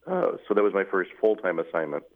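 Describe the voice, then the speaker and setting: Man with a low voice on tinny audio. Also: very animated. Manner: measured, recounting at length with fillers. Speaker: guest, newly appointed Catholic bishop. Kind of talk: interview storytelling. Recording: tinny phone-like radio audio.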